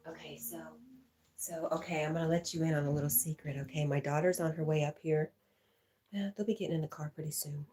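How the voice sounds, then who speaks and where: A middle-aged woman hosting a livestream from home on a laptop mic. She chats casually, reads viewer comments aloud and laughs often, clearly amused by herself. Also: deep voice, steady tone, fast, mellow, low-quality recording. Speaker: livestream host.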